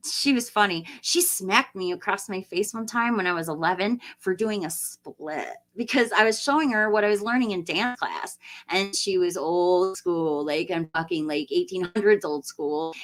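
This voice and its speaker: Tired woman streamer, slightly low voice, chatty and rambling with viewers. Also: a bit bright. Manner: chatty, laughs often, rambling restarts. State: tired after a long stream. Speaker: livestream host. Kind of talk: casual live chat reading viewer comments.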